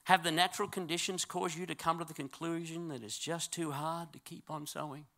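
Male preacher in a church, bright and a touch high, swings from fiery, drawn-out preaching to intimate hush. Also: flat delivery. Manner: swings between loud, drawn-out exhortation and quiet, close talk; calls on the congregation to respond. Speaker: pastor. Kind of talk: sermon.

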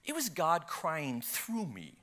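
A man preaching, his voice pitched high and ringing bright. He tells his story with wide leaps of pitch, surging loud and then dropping to a hush, like a practiced storyteller from the pulpit. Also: takes it slowly. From United States. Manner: animated storyteller, swings from loud to hushed. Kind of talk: sermon with a personal story.

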